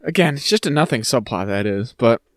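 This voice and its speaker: A man's voice: medium pitch, lively intonation, a little fast, a little hiss or hum. A man co-hosting a podcast in casual chat, wry and mocking as he picks apart movie dialogue. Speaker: podcast co-host.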